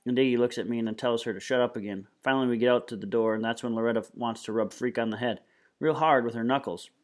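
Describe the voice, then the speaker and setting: A man reading a novel aloud at a steady, plain pace. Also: mid-range voice, quick pace. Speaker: reader.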